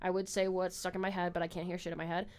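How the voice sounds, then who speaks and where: A woman's voice: on the low side, flat delivery, very fast, a little mellow. A young woman hosting a casual podcast chat, rambling and full of "like"s, swearing freely. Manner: rambling, filler-heavy with many "like"s, swears freely. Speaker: podcast host.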